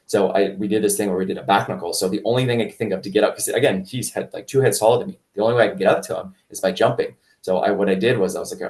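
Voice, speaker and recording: A man, a martial arts instructor, telling a story in a casual interview, rambling with restarts and jumping much higher when he quotes people. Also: fairly even intonation, racing, a little mellow, distant mic. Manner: rambling with many restarts and fillers; acts out quoted voices in a much higher pitch.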